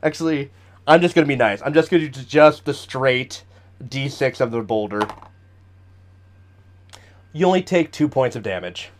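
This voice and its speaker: A man's voice: medium pitch, expressive, normal speed, long pauses. A man narrating as game master of a tabletop game, chatty and laughing often.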